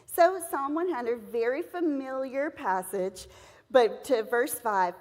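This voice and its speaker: A middle-aged woman with a high voice speaks earnestly to a room of teachers, mixing personal story with encouragement. Her words ring out with a long reverb from the church hall she is speaking in. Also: slow, darkish tone. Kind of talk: devotional talk to teachers.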